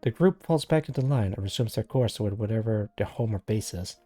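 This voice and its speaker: A man reads a web novel aloud on a live stream, narrating in the first person and breaking off for casual asides. His voice is mellow and dark. Faint music plays behind him. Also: on the low side, lively intonation, fairly quick, dry recording. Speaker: live-stream story reader.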